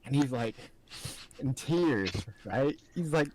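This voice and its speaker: A man's voice: mid-range voice, animated, takes it slowly, darkish tone, low-quality recording. A young man co-hosting a casual podcast, telling a story and laughing as he goes. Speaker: podcast co-host.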